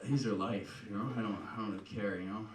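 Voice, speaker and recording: A man's voice: lowish voice, steady tone, fast. A man from Canada doing a profane, rambling stand-up set, tagging his lines with "right?" and "you know?". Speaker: stand-up comedian. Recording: echoey live room, mic heard from a distance, loud noise. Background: loud audience laughter.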